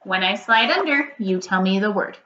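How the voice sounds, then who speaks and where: A woman teaching a first grade reading lesson to young children, giving slow, clear prompts and repeating her instructions. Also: mid-range voice, expressive, pushed and bright, muffled recording, slight background noise.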